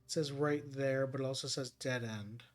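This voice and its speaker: A man's voice: mid-range voice, fairly even intonation, normal speed, soft background music. A man streaming a puzzle game, thinking aloud and reading clues as he works them out.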